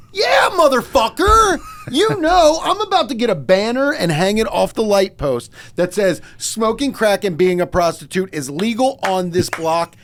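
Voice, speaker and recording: A man hosts a casual comedy podcast, telling stories with real animation. His pitch swings widely, climbing to shouted disbelief and then sinking into grumbling asides. He swears freely and talks quickly when he gets worked up. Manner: animated storytelling, swearing, big jumps up to shouted outrage. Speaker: podcast host.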